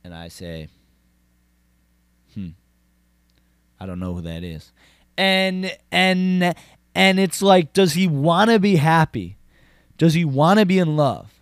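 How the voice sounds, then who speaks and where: An actor playing a lonesome, boastful cowboy rancher with a Southern drawl, rambling deadpan with tough-guy bravado and swearing. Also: on the high side, takes it slowly, pauses often, clean tone, no room sound. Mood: brooding. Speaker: comedy character host. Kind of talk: deadpan comic monologue.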